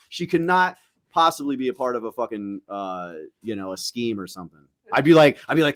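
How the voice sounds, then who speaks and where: A young man chatting on a casual podcast, spinning a crude, rowdy story. He keeps jumping into quick impressions of the people in it and swears freely. His voice sits at an ordinary middle pitch for a man. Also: dry recording, studio quality. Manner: profane, animated anecdote-telling with acted-out quotes. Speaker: podcast co-host.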